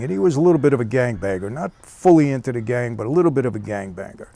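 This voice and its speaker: A man's voice: medium pitch, lively intonation, racing, vocal fry, hardly any pauses, warm tone. A man telling a personal story in a casual, conversational way, often dropping in "you know.". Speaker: storyteller recounting prison years.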